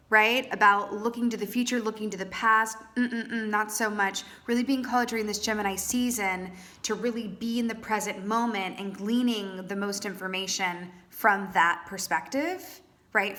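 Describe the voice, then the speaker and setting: A woman's voice: on the high side, sharp tone. A woman giving a casual, playful tarot reading, chatty and full of "right?" asides. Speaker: tarot reader.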